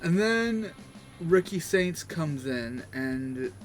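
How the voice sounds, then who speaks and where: A man's voice: a little high, expressive, extremely slow. Laid-back man recapping with faint music. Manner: rambling, quoting people in a loose, offhand way. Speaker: wrestling recap host. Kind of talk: casual recap.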